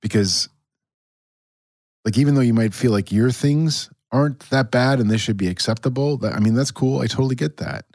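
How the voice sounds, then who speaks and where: Another co-host on the church podcast talks about faith in loose, casual chat, stumbling through fillers and restarts as he goes. He has a medium-pitched, slightly mellow voice at a moderate pace, recorded clean in the studio with no room sound.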